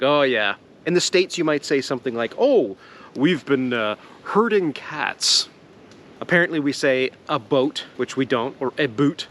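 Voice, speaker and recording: A man's voice: fairly high pitch, a bit bright, a little hiss or hum. Rambling Canadian man vlogging outdoors. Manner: rambling, jokey, laughs often, swears casually. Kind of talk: casual outdoor vlog chat. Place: outdoors in the woods at a sap boil.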